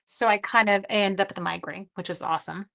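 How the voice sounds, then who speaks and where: Speaking fast in a mid-range voice with vocal fry and a slightly bright quality, this middle-aged woman runs a live craft video. She's short on sleep and keeps up a chatty conversation with viewers as she crafts.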